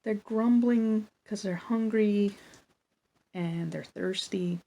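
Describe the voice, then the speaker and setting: A woman with a gravelly, low voice reading a children's Bible story aloud for a church. She tells it slowly and gently, adding small asides of her own.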